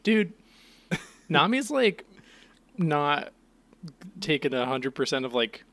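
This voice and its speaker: A man's voice: on the high side, slow, no echo. A man co-hosting a casual podcast chat, laughing often and swearing freely. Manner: laughing, profane, animated. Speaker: podcast co-host.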